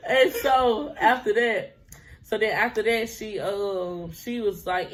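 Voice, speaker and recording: A woman in her twenties recounts her own story for viewers at a slow pace and medium pitch. Her manner is relaxed and talkative, with frequent laughter and bits of quoted conversation.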